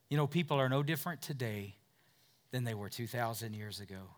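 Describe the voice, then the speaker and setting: A man preaching a sermon as pastor, moving from hushed, low passages to loud, emphatic ones and voicing doubters in quotes. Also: lively intonation, a little fast. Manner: acts out doubters' voices in quotes.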